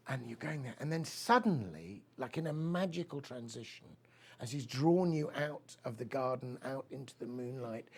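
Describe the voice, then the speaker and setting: A man's voice: mid-range voice, animated, normal speed, breathy edge. A man giving a talk, rambling and enthusiastic, telling a personal story and reading poetry aloud. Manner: rambling, enthusiastic, many fillers. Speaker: speaker at a weekend of talks.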